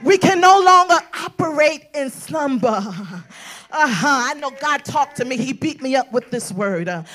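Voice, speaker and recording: A woman preaching a prophetic sermon, shouting and sing-songing her lines with "uh" between phrases and calling her listeners "sis" and "girl". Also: high voice, expressive, normal speed. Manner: shouting, sing-song preaching with breathy "uh" fillers; exhorting women as "sis" and "girl".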